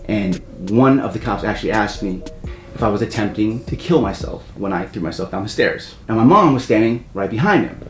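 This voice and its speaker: A man casually telling a story from his own life, rambling with wry asides and loudly acting out the voices of the people in it. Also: on the low side. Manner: rambling, wry asides, loud acted quotes. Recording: echoey room, faint music.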